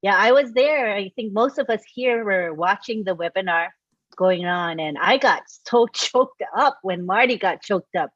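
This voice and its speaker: A woman hosting a livestream, warmly thanking and introducing speakers. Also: mid-range voice, expressive, a little slow, no room sound, lo-fi sound. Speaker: livestream host. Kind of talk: casual hosting.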